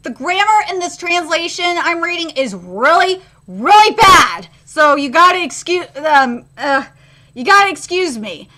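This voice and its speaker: Brief: female manga reaction streamer, high bright voice, rambly and filler-heavy, turns loud and emotional when moved. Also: sing-song, a little slow. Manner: rambling, many fillers and restarts. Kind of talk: live reaction commentary.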